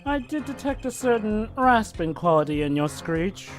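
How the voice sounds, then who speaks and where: A man voicing a suave, calm senior defense lawyer who speaks in a smooth, measured, deadpan way. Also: sits high, soft background music, voice pushed up. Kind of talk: reading game dialogue aloud.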